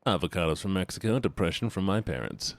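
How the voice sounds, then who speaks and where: A man's voice: deep voice, sing-song, fast talker, vocal fry, no echo. A man chatting casually on a stream in a goofy, playful, singsong way. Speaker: streamer guest and voice actor.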